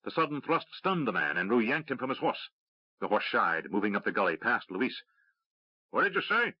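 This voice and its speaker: A man narrating a fantasy audiobook in a steady, measured reading. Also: lowish voice, no echo. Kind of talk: scripted narration. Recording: dry, slightly dull audiobook recording.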